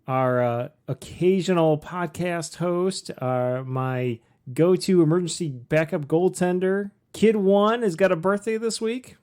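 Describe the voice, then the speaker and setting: A man's voice: high-pitched, unhurried, hardly any pauses, a little mellow, clear, resonant tone. Middle-aged male podcast host, joking and rambling, plenty of uhs. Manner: rambling, joking, many fillers. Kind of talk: casual podcast chat.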